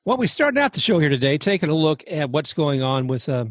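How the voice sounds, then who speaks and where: A man's voice: on the high side, sing-song, a little fast, no echo. A man hosting a casual sports talk podcast, chatty and rambling, often laughing as he talks. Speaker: podcast host.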